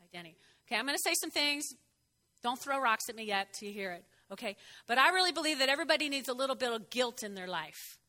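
A woman preacher delivering a conversational sermon, getting the congregation to repeat phrases after her and jumping in pitch for emphasis. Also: fast talker. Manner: expressive, jumps in pitch for emphasis.

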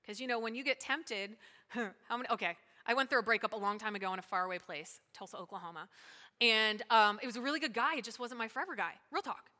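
A woman pastor preaching a sermon in a church, lively and conversational, with asides and quick laughs. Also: fairly high pitch, in a large hall. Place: church sanctuary.

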